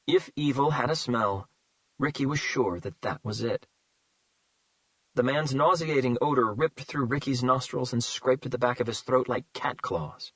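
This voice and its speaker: Man narrating a dark thriller audiobook. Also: medium pitch, normal speed, no echo, rough recording. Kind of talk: scripted narration.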